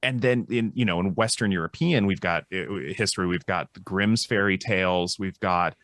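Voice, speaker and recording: A man with a very low voice talks through ideas on a panel show. He sounds thoughtful and restarts his sentences often. The sound is dry and close. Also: normal speed, a bit bright, dry recording. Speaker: psychologist co-host. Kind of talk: casual panel discussion.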